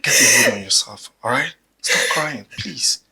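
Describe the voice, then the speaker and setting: A woman's voice: a bass voice, expressive, normal speed, creaky, a crowd in the background, full character voice, low-quality recording. An actress with a Nigerian accent playing a friend who soothes a crying woman, repeatedly asking "okay?". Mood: soothing. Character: calm caring female friend comforting a crying woman. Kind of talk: film drama acting.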